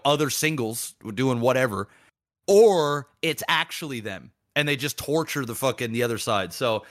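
Man, podcast co-host, casual chat, bright forceful tone, lively storytelling, swears a lot. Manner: animated storytelling, acting out quoted people in bursts of pitch, profane.

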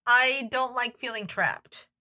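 A woman from Florida co-hosting a casual chat, chiming in with quick agreement and dry, sarcastic quips. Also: on the high side, bright, forceful tone. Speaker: podcast co-host.

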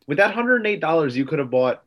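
A man's voice: a little high, very animated, quick pace, muffled recording. A man co-hosting a casual podcast, teasing the others in a wry way. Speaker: podcast co-host. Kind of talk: casual chat.

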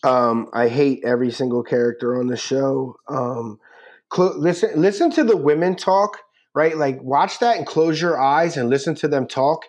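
A man's voice: medium pitch, normal speed, darkish tone. A man co-hosting a sports podcast, ranting brashly in casual banter and poking fun at himself. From Philadelphia area, United States. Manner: brash, ranting, self-mocking. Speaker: podcast co-host.

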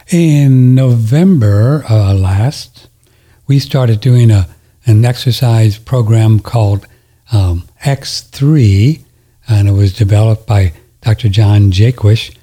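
A man's voice: fairly low pitch, a little slow, warm tone, slightly rough. A man hosting a talk radio show, chatting casually and rambling as he demonstrates an exercise. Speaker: radio host.

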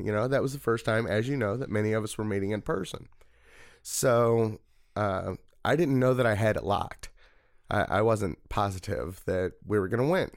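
A man from Missouri, United States, a political party committeeman, is a guest in a casual interview, telling a long, rambling story with many fillers in a relaxed way. His voice is fairly low and clean, recorded dry with studio quality.

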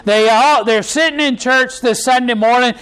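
A man's voice: very high voice, normal speed, a bit bright, clear, resonant tone, rough recording. A pastor preaching a conversational sermon to his church, with many fillers and restarts and mocking impressions.

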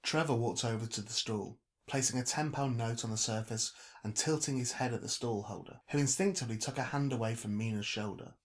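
Measured male audiobook narrator. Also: medium pitch.

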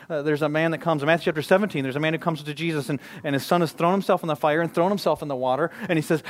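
A man's voice: a little high, fairly even intonation, very fast, few pauses. Impassioned male pastor preaching. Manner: impassioned, swings from hushed to loud. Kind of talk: sermon.

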